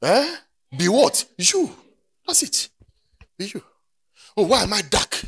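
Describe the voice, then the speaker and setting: Sing-song preacher, husky and high. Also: male voice, big pitch swings, slow pace. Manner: swings from quiet talk to shouted, sing-song preaching. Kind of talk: sermon.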